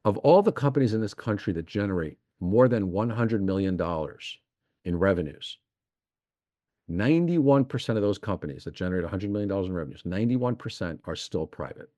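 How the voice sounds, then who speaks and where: A man's voice: fairly low pitch, expressive, fairly quick, warm tone, no echo. A middle-aged man, an investment executive talking as a podcast guest, explaining eagerly and piling up examples. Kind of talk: podcast interview.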